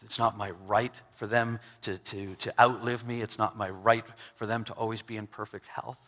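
A married man preaching an earnest sermon, with frequent restarts, swinging between loud stresses and soft drops. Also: lowish voice, level tone, moderate pace. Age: adult, married with two sons. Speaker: pastor.

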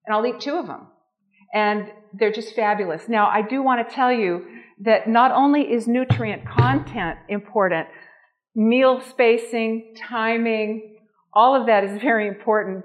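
A woman's voice: a little high, a little slow, lo-fi sound. A woman teaching a nutrition and cooking class to a small group, gushing and enthusiastic as she demonstrates. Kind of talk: live cooking demonstration talk.

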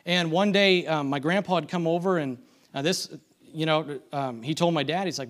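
A man's voice: a little high, moderate pace, a bit bright. A man giving a conversational sermon, full of restarts and self-deprecating asides, asking the congregation for amens. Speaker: church speaker.

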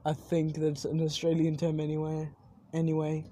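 Young vlogger rambling at night, husky voice, lots of swearing and restarts. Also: medium pitch, monotone, normal speed, dark tone. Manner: rambling, swearing, many self-corrections. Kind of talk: casual rambling monologue. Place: outdoors at night overlooking buildings.

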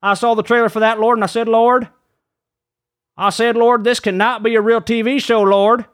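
A man puts on an overexcited reverend who leads a comedic prayer in a strikingly high voice. He tacks "Lord" onto every phrase and keeps fumbling his words as he rambles. He speaks close into a studio mic. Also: little pitch movement, normal speed. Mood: fervent. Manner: says "Lord" after nearly every phrase, trips over his words. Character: excitable rambling male reverend. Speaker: guest preacher character. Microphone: studio dynamic mic.

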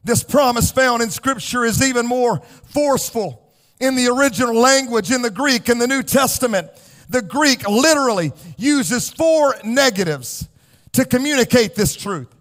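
Male pastor, very high voice, passionate church sermon with shouting and singsong cadence. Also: lively intonation, moderate pace. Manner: impassioned preaching, rising to shouts and sung cadences. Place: church sanctuary.

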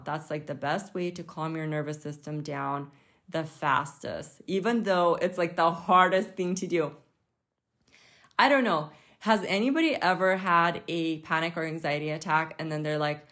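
A woman hosts a health podcast in an easygoing, conversational way. Her voice sits slightly on the lower side, and she rambles informally with casual fillers. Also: unhurried. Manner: chatty and informal, with frequent fillers and light laughs. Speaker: podcast host.

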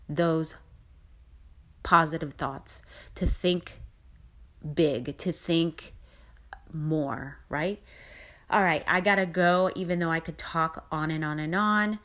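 Middle-aged woman with a low voice rambling thru a story on her podcast, upbeat and pep-talky. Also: unhurried, a bit bright. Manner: chatty, rambling, upbeat motivational. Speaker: podcast host. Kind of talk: casual storytelling monologue.

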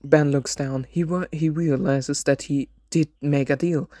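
A man narrating an absurd comedic story in a deadpan way, voicing every character himself. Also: fairly high pitch, measured pace, no echo, studio quality.

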